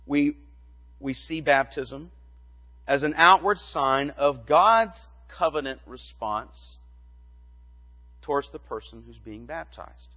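A male pastor giving a measured teaching sermon, asking rhetorical questions as he explains. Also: on the high side, lively intonation, bright, forceful tone, in a large hall, highs cut off.

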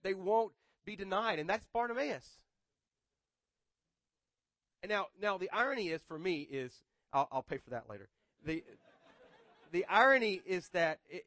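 A man's voice: on the high side, sharp tone, dry recording. A man preaching a sermon in a conversational way, often repeating words and adding humorous asides. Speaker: pastor.

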